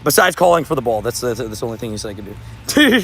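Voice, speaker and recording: A young man streaming, telling sports stories in a casual, animated way, laughing and repeating himself. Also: medium pitch, quick pace, soft background music. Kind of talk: casual livestream storytelling.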